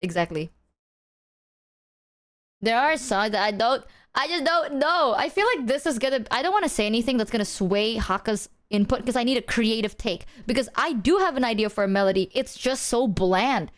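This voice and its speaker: A woman's voice: fairly high pitch, a little fast, few pauses. Playful swearing streamer woman. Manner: playful, swears freely, breaks into silly sung bits. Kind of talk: casual chat to stream viewers.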